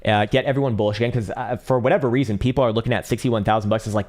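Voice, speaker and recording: A man with a hoarse voice hosting a live crypto chart analysis, talking casually and profanely, often correcting himself. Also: lowish voice, fairly even intonation, racing, hardly any pauses, a little mellow. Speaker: crypto trading analyst host.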